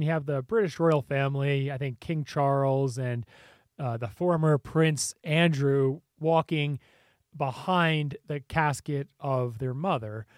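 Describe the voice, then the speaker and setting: A man's voice: fairly high pitch, no echo, studio quality. A man giving casual commentary on video clips, chatty and laughing often. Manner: chatty, laughs often, mimics voices in quotes.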